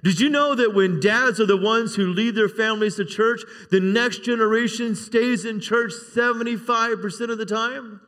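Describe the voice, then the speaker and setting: A man's voice: high voice, normal speed, few pauses, a bit bright. A man preaching a sermon as a pastor, talking conversationally and drawing amens from the congregation. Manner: conversational preaching with frequent call-and-response amens. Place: church sanctuary. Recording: long reverb of a church hall.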